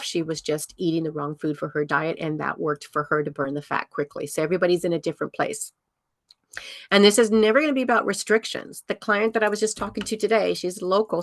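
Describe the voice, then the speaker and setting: A woman's voice: on the low side, a bit bright, no echo, clean studio sound. A woman over fifty, a health coach giving a casual workshop talk, chatty and rambling with many ums and restarts.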